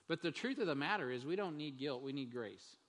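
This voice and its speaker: A man's voice: on the high side, lively intonation, a little fast, a bit bright. A man preaching a Sunday morning sermon as pastor, in a conversational style with frequent restarts and fillers. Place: church sanctuary. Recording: long church-hall reverb.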